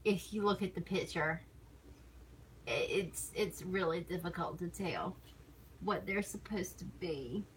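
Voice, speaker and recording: A woman's voice: lowish voice, a little slow, a little hiss or hum, low-quality recording. A woman streamer chatting casually on stream, rambling and teasing, laughing often between thoughts. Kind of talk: casual chat.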